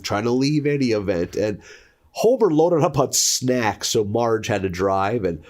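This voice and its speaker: Male podcast co-host, animated pitch, loose and profane. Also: a little slow. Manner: laughs often, swears freely. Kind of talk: casual chat.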